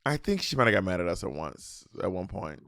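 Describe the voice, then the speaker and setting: A man co-hosting a casual chat show with a smooth, resonant voice. He talks in an animated, campy way and throws in quick asides. The sound is dry and close. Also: sits low, dry recording. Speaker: podcast co-host.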